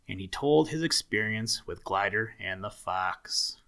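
Male storybook narrator: low-pitched, slow, gentle read-aloud with dramatic swells. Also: animated, vocal fry.

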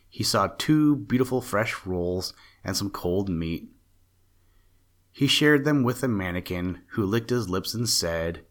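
A man narrating a fairy tale aloud in a steady, measured reading. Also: lowish voice. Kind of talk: storybook narration.

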